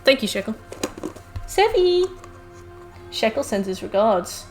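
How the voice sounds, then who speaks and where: Soft music plays behind a woman who is streaming a game at home through a headset mic. Her medium-pitched voice is animated and sharp-toned at a normal speed as she chats with viewers, breaking off to scold her cats between game comments.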